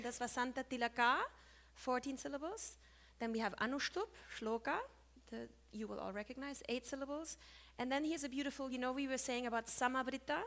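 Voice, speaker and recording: A woman's voice: on the high side, steady tone, fairly quick, a bit bright. Woman lecturing on Sanskrit meter. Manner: chatty, with self-corrections, hums meter rhythms. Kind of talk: conference talk on Sanskrit meter.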